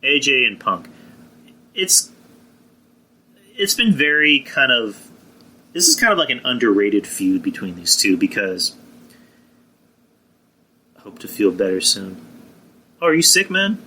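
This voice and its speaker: A man's voice: mid-range voice, sing-song, a little slow, pauses often, sharp tone, slightly rough, low-quality recording. A man hosting a live wrestling stream, rambling in a casual, profane way and answering viewers in the chat. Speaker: podcast host.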